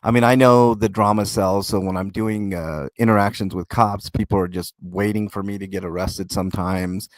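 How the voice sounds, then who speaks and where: A man's voice: sits low, fairly even intonation, moderate pace, hardly any pauses, dry recording. A man hosting a casual livestream, reading chat messages aloud and rambling with many fillers, restarts and swearing. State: talking with a mouth full of food.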